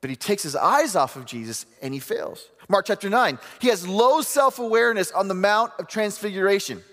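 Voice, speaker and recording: Male preacher, humorous storyteller, lively pitch swings, long hall reverb. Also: fairly quick. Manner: animated storytelling with humor and quoted voices. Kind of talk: sermon.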